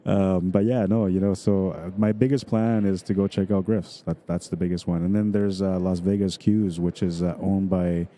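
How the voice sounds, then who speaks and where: A man's voice: low-pitched, fairly even intonation, normal speed, mellow. A middle-aged man from Manitoba with a Canadian accent, rambling casually as a pool stream commentator and reading viewer comments aloud.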